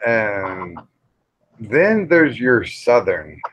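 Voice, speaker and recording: A man's voice: fairly low pitch, sing-song, very slow, fairly bright tone. A man in his fifties hosting a casual live-stream chat, making joking, sardonic asides. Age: 50s. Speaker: host. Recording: dull lo-fi stream audio.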